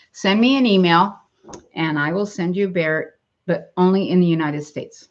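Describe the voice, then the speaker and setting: A woman's voice: lowish voice, measured pace, long pauses. An older woman vlogging in a casual, rambling way from her home and yard, laughing easily as she chats. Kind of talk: casual chat. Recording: dull lo-fi phone audio.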